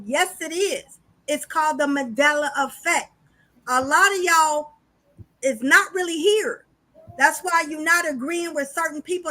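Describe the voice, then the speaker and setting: Bright-voiced, high, chatty woman podcaster. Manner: animated, chatty, speaks straight to listeners as y'all. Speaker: podcast host. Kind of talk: casual spiritual podcast talk.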